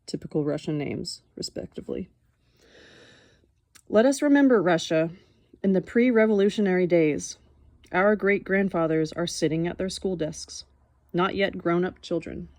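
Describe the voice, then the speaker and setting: A young adult woman reading a nonfiction book aloud in an expressive, wry way, breaking off now and then to comment on it. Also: lowish voice, moderate pace, no room sound. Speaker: audiobook reader.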